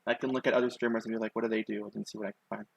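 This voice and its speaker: A man's voice: lowish voice, little pitch movement, racing, vocal fry, husky, dry recording, rough recording. A young man with a lisp, chatting casually and rambling self-consciously on a live stream, with many ums and likes. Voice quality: lisp on his S sounds.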